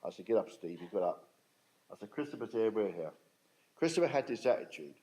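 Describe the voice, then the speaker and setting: Older man, low-pitched and mellow, blunt storyteller addressing a room. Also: sing-song, fairly quick, low-quality recording. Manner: blunt, plain-spoken, emphatic, dialect grammar. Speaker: speaker at a talk on restorative justice. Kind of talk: storytelling talk to an audience.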